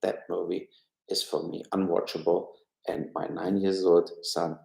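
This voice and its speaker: A man's voice: low voice, level tone, unhurried, creaky, a little mellow, roomy sound, low-quality recording. A man from Germany with a German accent, giving blunt, rambling, opinionated film and politics commentary on a casual live stream from home. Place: room at home.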